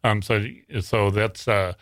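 A man's voice: lowish voice, flat delivery, takes it slowly, fairly bright tone, no echo, clean studio sound. A man from Wyoming, a guest author on a podcast, telling a story in a rambling way with many restarts. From Wyoming, USA. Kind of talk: casual podcast interview.

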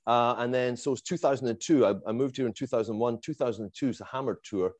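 A middle-aged man who moved to the United States from abroad, telling a long, animated fan story in casual chat, full of fillers and little laughs. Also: mid-range voice, quick pace, dry recording.

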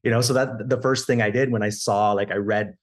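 A man's voice: fairly low pitch, a little fast. A man in his thirties from Canada, telling his story as a podcast guest, with lots of restarts and acted quotes of his family. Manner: animated, quotes family in raised voice. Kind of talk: conversational storytelling.

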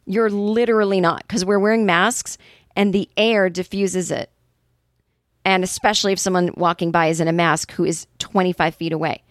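A woman's voice: on the low side, steady tone, normal speed, no echo, clean studio sound. A woman with a Boston accent hosting her podcast, a stand-up comedian ranting in a casual, exasperated, profane monologue.

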